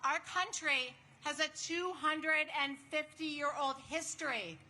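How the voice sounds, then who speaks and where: A woman's voice: sits high, measured pace, a little hiss or hum. A woman speaking enthusiastically to a crowd at an outdoor protest rally as an advocacy leader. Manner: enthusiastic, warm greeting to the crowd. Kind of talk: rally speech.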